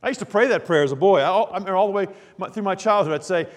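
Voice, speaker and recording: A middle-aged man preaching a sermon, animated, swinging between hushed and emphatic delivery. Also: high-pitched, very fast, hardly any pauses. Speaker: pastor. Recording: long hall reverb.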